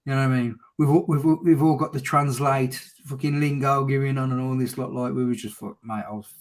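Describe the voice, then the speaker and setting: A middle-aged Englishman talks over a video call, loud, sweary and full of laughter. His voice sits at an ordinary middle pitch. He tells his stories in a rough, unpolished way. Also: steady tone, a little fast. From England. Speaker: motovlogger chatting on a call. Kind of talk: casual chat.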